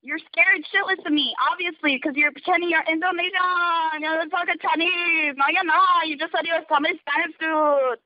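A woman's voice: very high voice, fairly even intonation, normal speed, few pauses, no echo. Furious cursing woman on the phone. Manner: furious, profane, threatening. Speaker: caller. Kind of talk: heated phone argument. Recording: dull phone-line audio.

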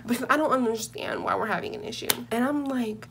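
A young woman vlogger tells a comedic story in a bright, fairly high voice. She is brash and profane and stays animated throughout. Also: fairly quick, a little hiss or hum.

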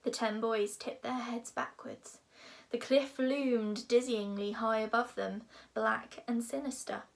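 A woman reading a children's novel aloud in a lively, expressive way. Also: fairly high pitch, measured pace, creaky. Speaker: reader.

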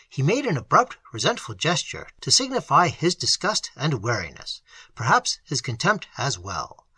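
A hoarse reader narrates an audiobook with expressive, dramatic delivery. The voice is husky yet bright and swings widely in pitch. The recording is dry and close to the mic. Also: normal speed, no echo, low-quality recording.

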